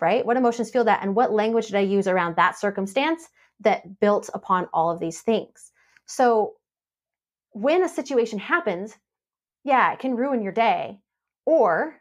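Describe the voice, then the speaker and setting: A woman on a podcast, coaching and telling a story with lively quoted voices. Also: mid-range voice. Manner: animated storytelling, acts out quoted dialogue. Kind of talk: casual podcast conversation.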